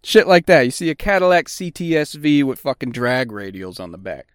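A man's voice: mid-range voice, brisk, hardly any pauses, clear, resonant tone, no room sound, clean studio sound. A middle-aged man hosting a podcast, talking bluntly and swearing constantly in a casual monologue. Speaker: podcast host; auto technician.

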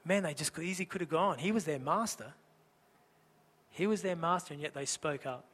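A male pastor preaching in a relaxed, conversational way and asking rhetorical questions. His voice is high and bright. It carries a long church-hall reverb. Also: moderate pace. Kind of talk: sermon.

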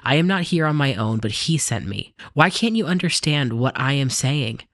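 A man voicing a calm, authoritative male teacher, in a steady, earnest scripture reading. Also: mid-range voice, normal speed, no echo, clean studio sound.

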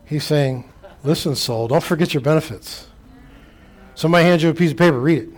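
A man's voice: a little high, fast talker. A male pastor delivering a sermon, preaching in a rhythmic, emphatic way and telling stories to make his point.

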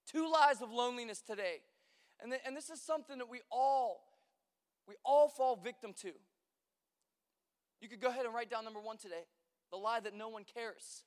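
A man's voice: extremely high pitch, moderate pace, pauses often, a bit bright, smooth. A young man who is a pastor, giving a conversational sermon as a chatty, joking storyteller with lots of fillers, in a large church hall. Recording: long hall reverb.

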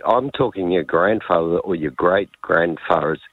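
A man calls in to a radio show and teases the hosts playfully. His voice sits low and the sound is dry. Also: moderate pace, dry recording, narrow, tinny audio. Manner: cheeky, playful. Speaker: caller. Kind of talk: radio call-in.

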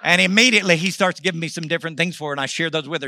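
A middle-aged pastor preaching with an animated delivery that swings between loud calls and near-whispered asides. His voice sits fairly high and rings very bright. It sounds dry and close, with almost no room around it. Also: quick pace, hardly any pauses, no echo. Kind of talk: sermon storytelling.

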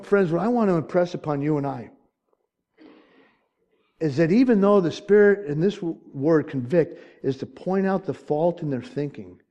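Earnest male preacher, rising and falling. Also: on the high side. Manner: earnest preaching, swings from loud pleading to hushed and choked up. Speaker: pastor. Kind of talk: sermon.

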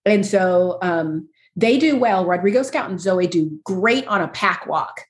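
A woman's voice: lowish voice, expressive, unhurried, roomy sound. A woman chatting casually as a guest, self-deprecating and laughing often as she talks. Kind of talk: casual chat.

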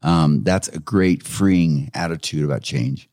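Deep-voiced male counselor telling stories. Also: measured pace, dry recording, studio quality. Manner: animated, tells client anecdotes with chuckles. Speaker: counselor who works with clients. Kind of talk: conversational interview storytelling.

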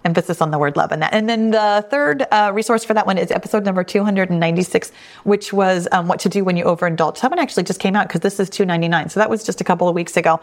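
A woman's voice: on the low side, very fast. A middle-aged woman hosting a weight loss podcast, answering listener questions in a reassuring, conversational way. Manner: warm, reassuring, conversational with frequent restatements.

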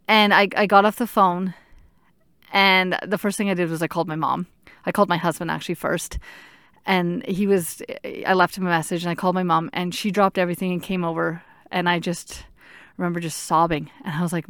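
A woman in her thirties telling her own story in an earnest, halting way, stopping to search for words. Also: lowish voice, fairly even intonation, clean tone, no room sound, clean studio sound. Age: 30s. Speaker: patient sharing her story. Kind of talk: personal storytelling.

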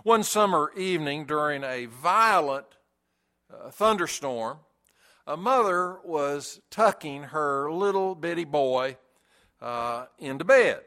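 Male pastor, unhurried sermon delivery, bright and forceful tone, pauses for emphasis. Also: on the high side, lively intonation. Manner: slow, deliberate preaching with emphatic pauses.

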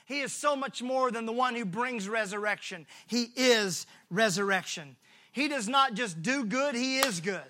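A man pastor preaching a sermon, repeating his phrases for rhythm and swinging from shouts to hushed lines. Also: very high-pitched, normal speed. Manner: acts out the voices of the people in the story.

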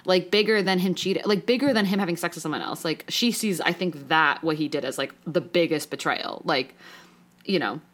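A young woman in casual podcast chat, her voice sitting a little low for a woman. She rambles and restarts, stacking "like" fillers as she talks through her feelings. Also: fairly quick. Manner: rambling, many "like" fillers, emotional and animated. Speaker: podcast co-host.

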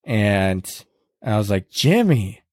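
A man casually retelling a hard race on a podcast, earnest and halting, with many restarts and quoted lines. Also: mid-range voice, steady tone, no echo, clean studio sound. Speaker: podcast host recounting a race. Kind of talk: casual storytelling chat.

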